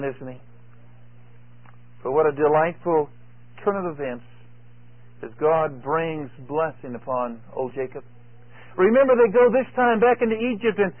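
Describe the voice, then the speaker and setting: High-voiced preacher on a tinny recording. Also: male voice, no echo. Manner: stammering word repeats, homespun expressions. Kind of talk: folksy storytelling sermon. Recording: tinny, phone-like, dry.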